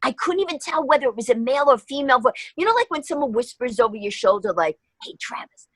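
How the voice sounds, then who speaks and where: A woman's voice: sits high, expressive, fast talker, fairly bright tone, breathy edge, no echo. A middle-aged woman guest telling a story in a podcast interview, acting out both sides of the dialogue. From New York.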